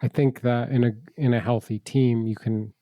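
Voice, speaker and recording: A man's voice: medium pitch, steady tone, normal speed, warm tone, no room sound, studio quality. A man co-hosting a casual podcast, a cook who talks in a thoughtful, hedging way. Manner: thoughtful, hedging, many fillers.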